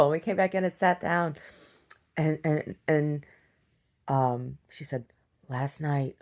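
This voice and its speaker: Middle-aged woman, video diarist, low gravelly voice, rambling storyteller who laughs a lot. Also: moderate pace, a little mellow. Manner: laughs often, acts out quoted voices, many restarts. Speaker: video diary vlogger.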